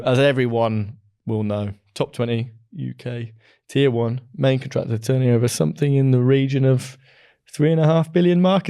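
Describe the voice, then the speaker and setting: A man's voice: mid-range voice, mellow, smooth. An English man hosting a podcast interview, upbeat, chatty and self-deprecating. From England. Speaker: podcast host.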